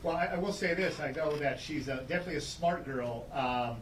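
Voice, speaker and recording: A man from Southern California making a measured statement at a press conference, with frequent ums and uhs. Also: a little high. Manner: measured, with fillers. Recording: echoey, far from mic, faint ambient noise.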